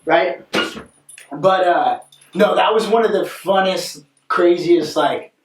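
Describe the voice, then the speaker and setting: A young man co-hosting a podcast, telling a rambling, animated story in casual chat and often asking "right?". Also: sits high, takes it slowly, slight background noise. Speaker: podcast co-host. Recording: echoey room, mic at a distance.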